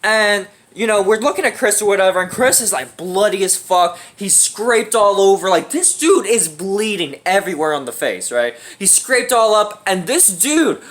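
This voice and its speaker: A man's voice: sits high, animated, moderate pace, hardly any pauses, a bit bright. A young man telling a funny story in a casual, slangy, profane way, often laughing. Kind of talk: casual anecdote.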